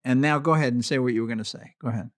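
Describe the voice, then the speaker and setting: A man hosting a casual interview, curious and quick with follow-up questions. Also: mid-range voice. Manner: curious, asks follow-ups, laughs easily. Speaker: interview host.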